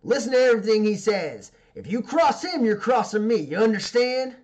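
A man's voice: deep voice, takes it slowly, muffled recording, voice pushed down. A man voicing a tough, commanding female gang boss who barks orders at her crew. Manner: barking orders, loud and threatening.

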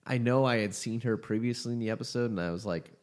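A man's voice: medium pitch, fast, a little mellow. A young man co-hosting a podcast in laid-back, easygoing casual chat. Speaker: podcast co-host.

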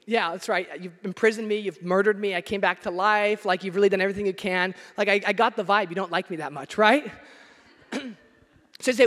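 High-voiced preacher in an echoing hall. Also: male voice, moderate pace. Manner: emphatic, rising to near shouts. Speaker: pastor. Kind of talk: sermon. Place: church. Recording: long hall reverb.

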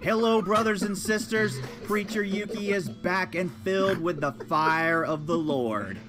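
A man voicing a fervent male preacher in a mock commercial, with a booming, sermon-like delivery. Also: a little slow. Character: fiery male preacher selling a desert compound. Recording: music bed behind the voice.

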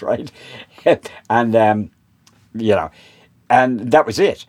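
A man's voice: mid-range voice, drawn-out words. Older man telling on-set stories. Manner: animated storyteller, acts out quoted exchanges with laughs. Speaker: boom operator and sound mixer guest. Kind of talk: anecdotal interview storytelling.

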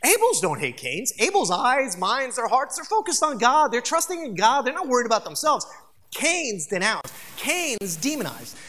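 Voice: medium pitch, sing-song, moderate pace, bright, forceful tone. A pastor preaching a sermon, emphatic and conversational, talking straight to the congregation and repeating phrases for stress. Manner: addresses the congregation directly.

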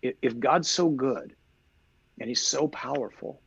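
A man who is a priest, explaining his faith in a lively conversational way, full of rhetorical questions. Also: mid-range voice, measured pace, creaky, slightly rough, dry recording, lo-fi sound. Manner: animated storyteller, rhetorical questions. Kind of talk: conversational teaching.

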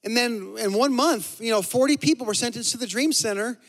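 A man preaching a sermon as a pastor, telling a story animatedly, dropping to a hush and then rising loud. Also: very high-pitched, fairly quick. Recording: long hall reverb.

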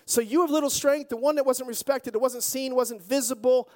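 A pastor preaching a sermon with lively storytelling and jokey asides. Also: high voice, fairly quick.

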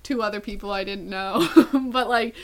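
A young woman co-hosting a casual chat podcast, talking fast and loose with lots of fillers. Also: mid-range voice, fairly bright tone. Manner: chatty, filler-heavy, lots of "like". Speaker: podcast co-host.

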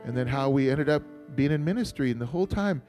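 A man's voice: medium pitch, animated, quick pace, a little mellow, soft background music. A male pastor from Montana telling a personal story in a sermon, chatty and joking, calling on the congregation to answer. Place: church.

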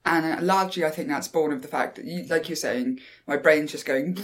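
A woman's voice: deep voice, a little fast, few pauses. A woman co-hosting a podcast, reflective and playful, often acting out her own inner voice. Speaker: podcast co-host. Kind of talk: casual chat.

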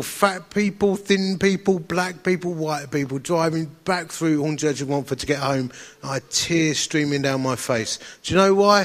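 A man's voice: sits high, a bit bright. A middle-aged man with a slight lisp on some words, preaching a sermon in an enthusiastic, chatty storytelling way.

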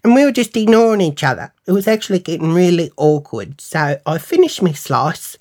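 A woman's voice: deep voice, a little mellow. A young Australian woman hosting a podcast, telling a storytime monologue in a blunt, indignant manner with lots of swearing. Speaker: podcast host.

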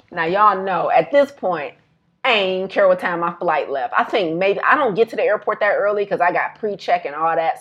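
Woman, lowish voice, chatty storyteller to camera, animated. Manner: animated storyteller, says y'all, laughs often. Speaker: health educator and vlogger.

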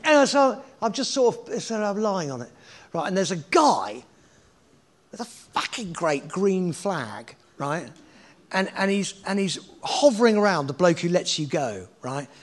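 A man, a guest telling an anecdote in a casual interview, animated and swearing freely, often checking in with "right?" as he goes. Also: sits high, measured pace.

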